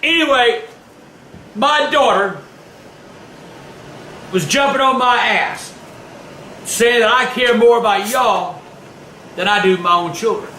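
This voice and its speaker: An older man telling stories in a foul-mouthed, blustering way that often breaks into shouting. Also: very high-pitched, slow pace, long pauses, slight background noise. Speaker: storytelling vlogger. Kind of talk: profane storytelling.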